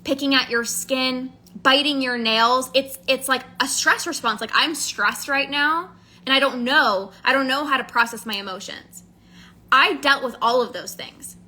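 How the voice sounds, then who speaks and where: Bright high-voiced woman coach. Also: a little slow. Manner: earnest, emphatic, repeats phrases for stress. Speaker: emotional eating coach. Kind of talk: casual candid monologue.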